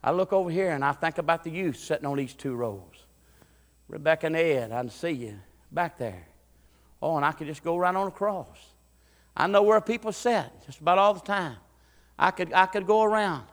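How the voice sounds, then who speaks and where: Excited preacher, bright high voice. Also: male voice, normal speed, in a large hall. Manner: folksy, building to excited preaching with acted-out voices. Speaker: pastor. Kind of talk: sermon. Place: church sanctuary.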